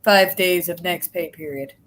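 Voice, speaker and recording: A woman's voice: lowish voice, normal speed, fairly bright tone. A woman from Missouri, a guest on a livestream, chatting casually in an earnest, relieved way about her news. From Missouri, USA. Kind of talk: casual chat.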